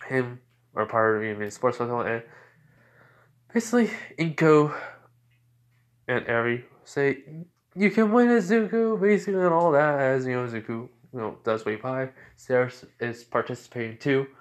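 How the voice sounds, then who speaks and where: A man casually retelling a fan story, rambling with lots of fillers and restarts. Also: mid-range voice.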